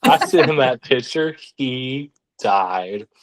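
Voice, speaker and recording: A young man with a drawl tells his stories in a casual, animated way. His voice sits at a middle pitch. He slips into other people's voices when he quotes them. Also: slow. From Arkansas, United States. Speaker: guest. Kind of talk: casual storytelling.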